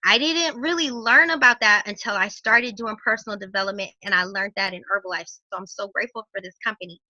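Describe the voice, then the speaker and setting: A woman's voice: medium pitch, brisk, sharp tone, no echo, highs cut off. A woman giving an earnest, uplifting testimonial in a preacher-like way over a call. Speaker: guest speaker. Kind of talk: motivational testimonial.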